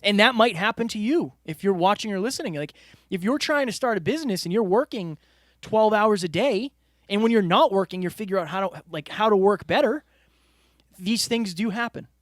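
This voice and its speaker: High-voiced man reflecting on a podcast. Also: lively intonation, brisk, no room sound, clean studio sound. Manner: earnest, reflective, talks to listeners directly. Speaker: podcast co-host. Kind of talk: casual podcast chat. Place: studio room with a whiteboard.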